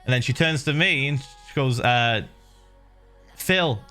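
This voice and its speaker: A middle-aged man streaming, casually telling viewers a story with lively laughs and the odd swear. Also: mid-range voice, normal speed, smooth, soft background music.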